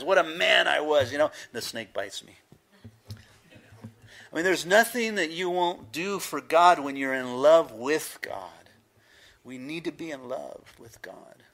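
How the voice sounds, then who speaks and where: A man's voice: medium pitch, fairly bright tone. An older man, a pastor telling stories in a chatty sermon. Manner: storytelling, chatty, many "you know"s.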